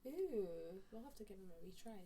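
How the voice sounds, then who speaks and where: A woman's voice: medium pitch, big pitch swings, brisk, recorded from a distance, crowd noise. A woman with a Scottish accent, stuffed up with a cold, co-hosting a casual live-stream chat in a giggly, bubbly way. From Scotland. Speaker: co-host.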